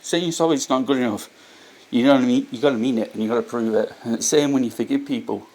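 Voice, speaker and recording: At medium pitch and a fast clip, a man with a slightly mellow voice talks earnestly to camera about faith. The vlogger's reflection is casual and unscripted, with repeated points and frequent restarts.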